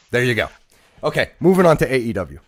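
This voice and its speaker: A man's voice: mid-range voice, background noise. A man co-hosting a wrestling podcast, ranting mockingly and calling out a critic by name. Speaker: podcast co-host. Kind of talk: casual podcast rant.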